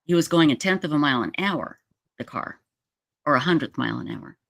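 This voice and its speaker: A Utah woman in her sixties hosts a livestream, telling a long personal story in a chatty, rambling way full of restarts. Her low, creaky voice has lively intonation and a brisk pace. The sound is dry and studio quality, from a streaming setup mic.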